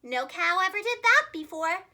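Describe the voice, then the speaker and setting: A woman's voice: very high-pitched, big pitch swings, moderate pace, sharp tone, heavily acted. A woman voicing a cheerful, determined female cow in a storybook read-aloud, earnest and self-assured. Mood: proud.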